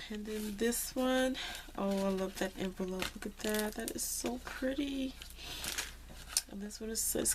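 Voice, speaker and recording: A woman with a medium-pitched voice, recorded over background noise, unboxes crafted cards in a casual happy-mail vlog. The crafting vlogger is thrilled and excitable, gushing and saying "y'all."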